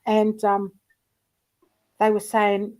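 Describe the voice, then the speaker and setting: A woman's voice: mid-range voice, monotone, very slow, darkish tone, low-quality recording. A woman hosting a livestream in casual chat, telling rambling, profane anecdotes with frequent laughter. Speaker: livestream host.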